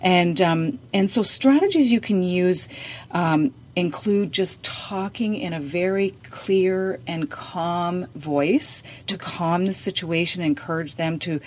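A dementia care advisor offers practical caregiving advice in a podcast conversation, speaking hesitantly with frequent fillers and restarts. Her voice is fairly low and darkish, and she takes it slowly.

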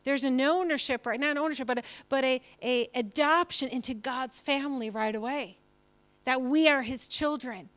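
Preaching a sermon to her church, a woman pastor speaks at a moderate pace in a bright, high-pitched voice. Her delivery is conversational and emphatic, and she often slips into acted-out quotes.

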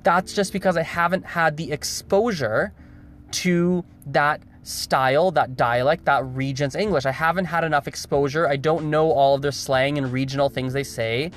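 A man's voice: fairly high pitch, moderate pace, fairly bright tone. Male vlogger, casual monologue, emphatic with lots of restarts. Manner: emphatic, repeats words, restarts often. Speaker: video host.

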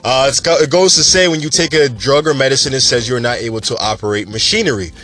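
A man hosting a casual cannabis news show, talking in an animated, chatty and emphatic way. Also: medium pitch, fast, faint music behind.

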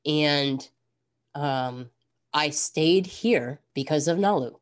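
A woman's voice: deep voice, takes it slowly. A woman in her thirties hosting a podcast, chatting casually and reflectively with many asides. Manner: reflective, rambling, animated. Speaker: podcast host. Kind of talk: casual chat.

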